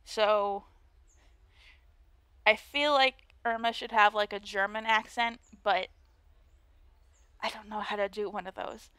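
A woman's voice: mid-range voice, fairly even intonation, slow, pauses often, sharp tone, clean tone, no echo. Chatty woman playing a game. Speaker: let's play streamer. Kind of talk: game commentary and voice acting.

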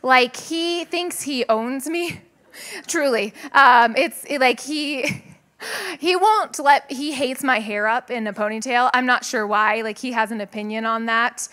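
Woman, pastor, conversational sermon, high pitch, crisp bright tone, frequent laughs. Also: unhurried. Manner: chatty, laughs often, lively asides to the congregation. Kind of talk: conversational sermon with personal stories. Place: church sanctuary with a live congregation.

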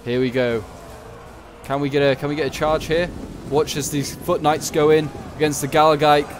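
A man's voice: a little high, level tone, normal speed, music in the background. A man giving casual, chatty commentary over a strategy game battle, thinking aloud with many fillers and restarts. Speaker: gaming commentator.

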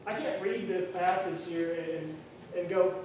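A man delivers a sermon in a relaxed, earnest, conversational way, full of restarts. His voice sits fairly high for a man. The recording is distant and very reverberant, with faint noise behind. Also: unhurried. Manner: conversational, earnest, with many restarts and "you know". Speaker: preacher. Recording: very echoey room, far from mic, faint noise.

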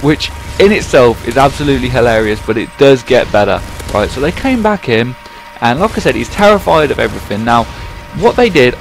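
A young man, telling a prank anecdote in an animated, casual way over his gameplay commentary, with some swearing. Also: mid-range voice. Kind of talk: casual storytelling voiceover.

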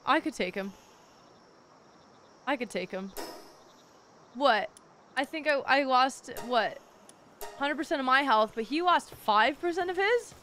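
Young woman, high voice, sick, playful, swearing, gaming stream, faint insect noise behind. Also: expressive, a little slow, pauses often, sharp tone. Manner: playful, swears a lot, calls viewers darlings. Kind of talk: casual gaming stream chat.

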